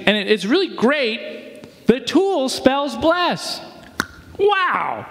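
A man's voice: very high voice, big pitch swings, slow. A male pastor giving a sermon in a casual, conversational way with slang and rhetorical questions, in a church. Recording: long hall reverb.

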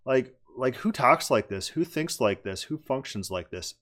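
A man's voice: medium pitch, animated, normal speed, a bit bright. A man giving critical commentary on a debate clip, emphatic and argumentative, repeating words for stress.

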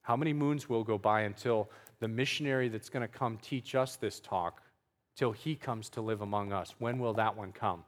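A man's voice: fairly low pitch, normal speed, in a large hall, close to an everyday voice. A man voicing an insistent older male village chief who keeps pressing his question. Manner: demanding, repeating his question.

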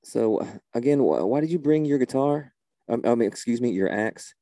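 A man's voice: mid-range voice, lively intonation, normal speed, dark tone, no echo. A man in a comedy sketch, talking in an exasperated, incredulous way.

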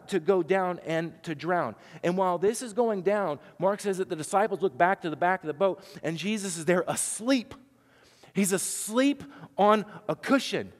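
A man preaches a sermon in a conversational style, leaning on rhetorical questions and dropping from loud to hushed. His voice sits fairly high for a man. The sound carries the long reverb of a hall. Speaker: pastor.

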